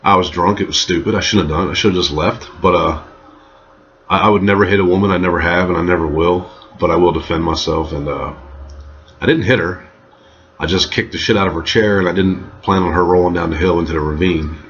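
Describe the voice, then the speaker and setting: A man's voice: deep voice, a little fast, a little hiss or hum. A man in his thirties telling a rambling, profane story from his own life in a casual monologue. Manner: profane, rambling, animated in quoted lines. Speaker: vlogger telling a personal story. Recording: dull lo-fi sound.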